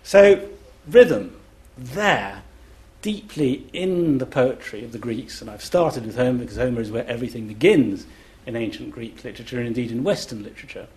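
A man's voice: medium pitch, lively intonation, moderate pace, hardly any pauses, darkish tone. A middle-aged man giving a lecture-style talk as a classics scholar on a festival panel. He is enthusiastic and chants rhythms aloud in syllables to show them. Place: live event, indoors.

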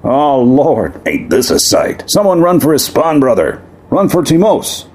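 A man voicing a tough middle-aged woman who runs a frontier saloon, giving brisk commands. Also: a little high, sing-song, mellow, slightly rough, voice pushed up, heavily acted. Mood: commanding.

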